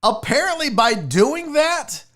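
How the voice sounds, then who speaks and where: A man's voice: very high voice, sing-song, takes it slowly, a bit bright. A man hosting a live comedy stream, ranting with profanity and disbelief while reading the chat aloud. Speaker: live show host.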